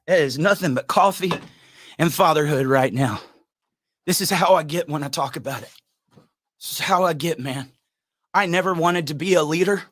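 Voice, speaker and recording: Fired-up preachy man with a high voice. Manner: fired-up, preachy, rising to shouts. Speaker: podcast host. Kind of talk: impassioned podcast monologue.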